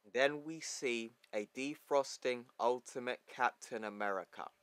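A man casually retelling a comic book issue page by page, with small slips along the way. His voice sits at a middle pitch and sounds close and dry, with no room echo. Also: a little slow, few pauses, clean tone. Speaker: comic recap host.

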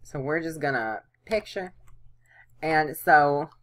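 Very low-voiced woman chatting over gameplay. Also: lively intonation, takes it slowly, fairly bright tone. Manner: chatty, playful, voices her sims' lines. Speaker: let's play host. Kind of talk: casual gameplay commentary.

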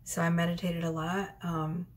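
A woman's voice: on the low side, level tone, normal speed. A woman chatting casually to camera in a rambling, hesitant way, full of fillers. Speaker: tarot reader.

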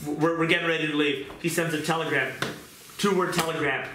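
A man preaching a fervent sermon, moving from pleading prayer to quieter scripture reading. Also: on the high side, fairly even intonation, a little fast. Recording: echoey room with noise.

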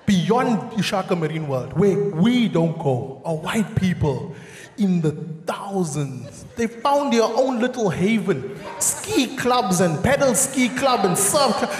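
Animated South African comedian in a big hall. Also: male voice, high-pitched, takes it slowly. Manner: animated, shouting punchlines. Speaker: stand-up comedian. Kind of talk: live stand-up comedy. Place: large theatre stage. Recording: echoey theatre hall with audience laughter.

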